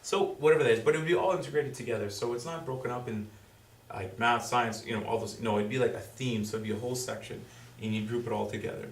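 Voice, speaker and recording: A man giving a school presentation to parents, explaining in a halting way full of fillers and restarts. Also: medium pitch. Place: school room with audience. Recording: roomy, distant, faint background noise.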